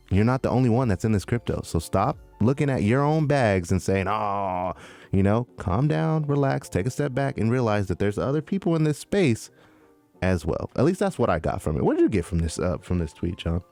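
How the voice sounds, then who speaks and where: A fairly low-pitched man talking casually as a podcast co-host. He is animated and slangy and keeps calling people "man" and "dude". Faint music plays underneath. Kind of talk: casual chat.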